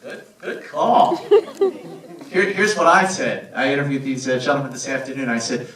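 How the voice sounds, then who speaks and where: A man moderating a cinema Q&A, brisk, repeating the questions for the room. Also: medium pitch, fairly bright tone, recorded from a distance. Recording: echoey cinema from afar.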